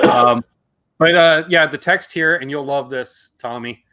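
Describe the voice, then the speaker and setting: A man's voice: on the high side, slow, bright, forceful tone, slight background noise. A man in his forties hosting a casual livestream chat, reading viewer comments aloud in an easygoing way. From Canada. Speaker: host.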